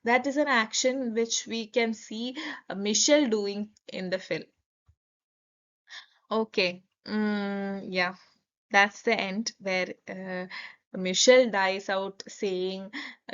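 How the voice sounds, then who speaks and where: A woman's voice: mid-range voice, fairly even intonation, slow, clean tone. Hesitant woman with an Indian English accent. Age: young adult. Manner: hesitant, many fillers and restarts. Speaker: student presenter. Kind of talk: film lecture, retelling a plot. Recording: dull lo-fi recording.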